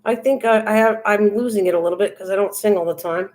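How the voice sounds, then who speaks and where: A woman's voice: medium pitch, quick pace, darkish tone. An older woman hosting a crafting livestream, chatting casually and reading viewers' comments aloud as she answers them. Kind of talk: casual chat with live viewers.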